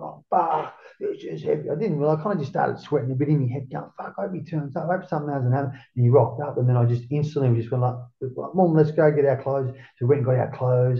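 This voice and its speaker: A middle-aged Australian man with a gravelly, creaky voice tells stories in a loose, rambling, swearing manner. He sounds like he is in a roomy, echoing space, and the recording is a bit dull and lo-fi. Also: mid-range voice. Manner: rambling, profane, peppered with "mate". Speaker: interview guest. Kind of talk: casual storytelling.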